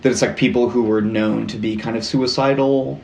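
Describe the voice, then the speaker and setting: Male podcast co-host, mid-pitch, casual halting delivery, echoey room. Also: gravelly, a little hiss or hum. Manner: relaxed, halting with fillers and restarts. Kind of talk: casual true-crime chat.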